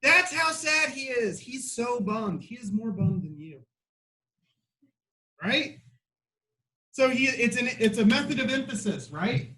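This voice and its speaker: A man teaching a literature class in a classroom, lively and full of rhetorical questions, often asking "right?". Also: very high-pitched, measured pace, pauses often, low-quality recording. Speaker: high school literature teacher.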